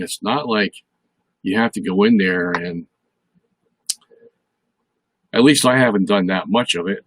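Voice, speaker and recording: A man's voice: on the low side, fairly bright tone, husky, no echo, low-quality recording. An older man hosting a live question show, talking casually and rambling with many fillers and restarts. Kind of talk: casual live-stream talk.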